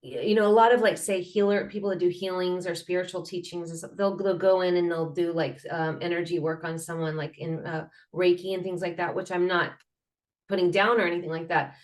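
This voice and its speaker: A woman's voice: on the low side, a little fast. Earnest woman with many restarts. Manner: animated, acts out sounds and laughter. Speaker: guest, mental health advocate. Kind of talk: casual interview talk.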